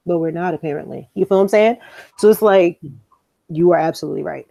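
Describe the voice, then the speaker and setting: A young woman spins a story on a podcast, loose and profane, and she jumps into the voices of the people she quotes. Her tone is mellow and warm, and the recording is close and dry with no room sound. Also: on the low side, fast, vocal fry, dry recording. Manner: animated, profane, acts out quoted lines. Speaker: podcast co-host. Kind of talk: casual storytelling chat.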